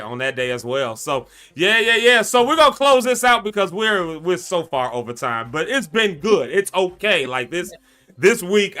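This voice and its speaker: A man's voice: on the high side, bright, forceful tone, clean tone. A man hosting a live-stream talk show, chatting casually, laughing often and getting emotional. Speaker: host.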